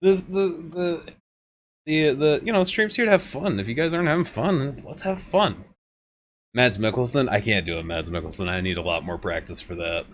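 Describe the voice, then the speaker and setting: A man's voice: medium pitch, moderate pace, slight background noise. A man streaming a game, chatting casually with his viewers, joking and laughing often. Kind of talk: casual gameplay commentary. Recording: game music loud in the background.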